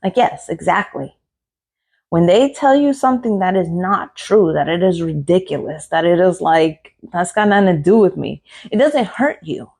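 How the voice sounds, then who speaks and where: A woman's voice: lowish voice, animated, normal speed, gravelly, darkish tone, husky. A middle-aged woman hosting a podcast, giving an earnest motivational monologue full of repeated phrases and rhetorical questions. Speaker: podcast host.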